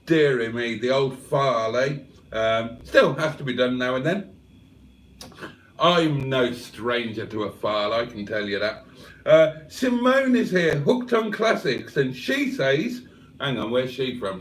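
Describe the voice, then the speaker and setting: A man's voice: mid-range voice, expressive, unhurried, recorded from a distance. A man from England hosting a casual livestream, reading the chat aloud with cheeky banter. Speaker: livestream host.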